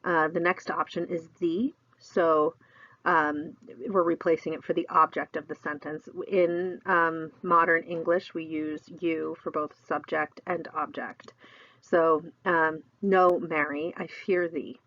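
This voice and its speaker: A woman's voice: low-pitched, flat delivery, takes it slowly, fairly bright tone, no room sound, dull audio. A middle-aged woman teaching a recorded lesson, explaining in a chatty way with lots of fillers.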